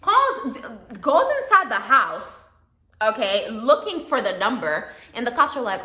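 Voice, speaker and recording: A young woman telling a storytime vlog, animated, often asking "okay?" and swearing casually. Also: sits high, normal speed, reverberant.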